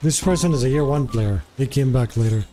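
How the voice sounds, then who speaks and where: A man talks to his viewers during a live game stream, relaxed and chatty. His voice is mellow and warm. He greets people by name in a friendly way. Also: medium pitch, fairly quick, soft background music. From Jordan. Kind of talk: casual live-stream chat.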